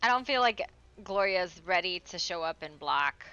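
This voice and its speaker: A woman streaming a game live who breaks off to coo at her dog in high baby talk, swearing casually in between. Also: lively intonation, moderate pace, sharp tone, clean tone, no room sound, dull audio. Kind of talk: live gaming stream chat.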